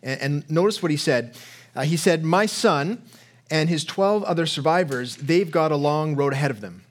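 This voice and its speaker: A man's voice: fairly high pitch, lively intonation, normal speed. A male pastor preaching a sermon, telling stories with rising passion and often repeating words as he builds. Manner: impassioned storytelling, repeats words when worked up.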